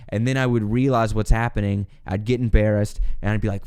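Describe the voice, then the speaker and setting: Young guy on his podcast telling a story, smooth clear voice, laughs a lot, acts out what he said. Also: mid-range voice, a little fast, few pauses. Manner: animated, laughs often, acts out his own past lines. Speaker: podcast host. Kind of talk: casual storytelling monologue.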